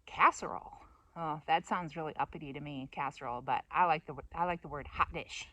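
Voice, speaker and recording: A woman's voice: low-pitched, fast, a bit bright, muffled recording. A middle-aged American woman talking in a casual monologue, playful and self-mocking, rambling with fillers. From United States. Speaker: vlogger.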